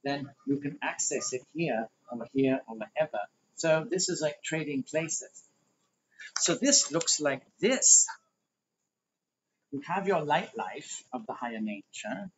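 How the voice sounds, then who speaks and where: A man's voice: fairly high pitch, animated, moderate pace, slight background noise. A man teaching a livestreamed spiritual workshop, rambling and conversational while he explains diagrams. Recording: dull lo-fi livestream audio.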